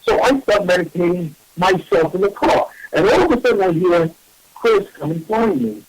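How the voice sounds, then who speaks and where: Man, high-pitched voice, animated casual storytelling, self-mocking, dry close sound. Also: moderate pace, slightly rough, dry recording, low-quality recording. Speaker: psychic medium radio host.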